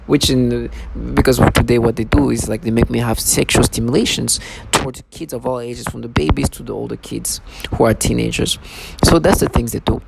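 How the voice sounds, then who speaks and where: Gravelly-voiced agitated man, noisy recording. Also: mid-range voice. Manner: agitated, rambling with restarts. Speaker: vlogger. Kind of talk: monologue to camera.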